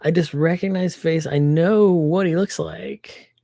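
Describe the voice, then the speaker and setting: A woman livestreaming a casual chat, telling an animated story full of swearing. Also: deep voice, measured pace, no echo, clean studio sound. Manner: animated storytelling, swears freely, acts out quotes.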